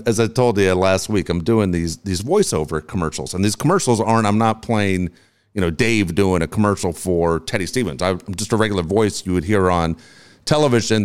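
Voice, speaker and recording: A man in his forties co-hosting a show, telling stories in a casual, profane, animated way. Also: lowish voice, clean tone. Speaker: radio show co-host. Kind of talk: casual storytelling chat.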